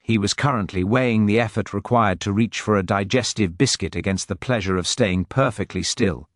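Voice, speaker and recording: A man reading a mystery story aloud in steady, scripted narration. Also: on the low side, a little fast, no echo, studio quality.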